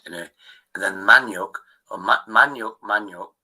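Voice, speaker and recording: A man's voice: lowish voice, pushed and bright, rough recording. A man chatting casually on a stream, swearing and joking. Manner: swearing, banter, quick asides. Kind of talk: casual chat.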